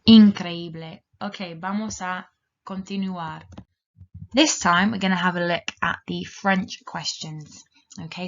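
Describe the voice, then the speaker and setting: A woman teaching a children's language lesson, giving slow, clear, encouraging instructions. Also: on the low side, fairly bright tone. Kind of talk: recorded classroom lesson for children. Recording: dull lo-fi recording.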